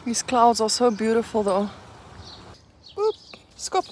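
A young South African woman chats through a casual daily vlog, slipping into cooing baby talk with her dogs. Her voice sits a little high, and faint noise runs behind it. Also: very animated, slow. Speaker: vlogger. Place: home and outdoor walk.

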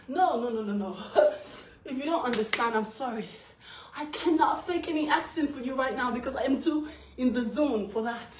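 A woman pours out an emotional, celebratory vlog from her house, chanting and laughing as she talks. Her voice sits a little high. She stands away from the microphone in an echoey room with a faint hiss behind her. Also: moderate pace. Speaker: vlogger. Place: her home, indoors. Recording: roomy, distant from the mic.

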